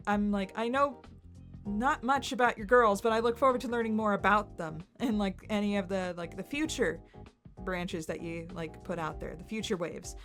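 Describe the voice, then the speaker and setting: A woman in her thirties telling a rambling story casually, giggling often, filling her talk with "like" and acting out what others said. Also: medium pitch. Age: 30s. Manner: giggly and self-deprecating, heavy use of "like"; animated, voices others in quoted asides. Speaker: channel host.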